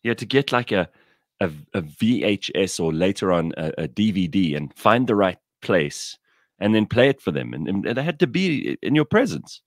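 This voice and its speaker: Deep, lively man. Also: normal speed, no room sound, clean studio sound. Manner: animated storyteller, blunt and irreverent. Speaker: podcast co-host. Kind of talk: casual chat.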